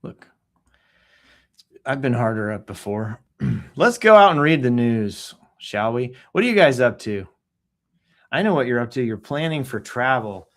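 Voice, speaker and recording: Man, livestream host, casual joking tone, hums little sound effects, clears throat a lot. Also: medium pitch, big pitch swings, a little slow, long pauses, a bit bright. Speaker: livestream host reading news and posts. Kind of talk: casual live-stream commentary. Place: at home in Texas.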